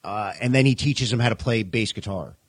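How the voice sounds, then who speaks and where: A man with a husky, slightly rough voice talks loosely on a podcast. He rambles, laughs a lot and swears without a care. The sound is close and dry, with no room echo. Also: fairly low pitch, a little fast. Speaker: podcast co-host. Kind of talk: casual chat. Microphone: podcast mic.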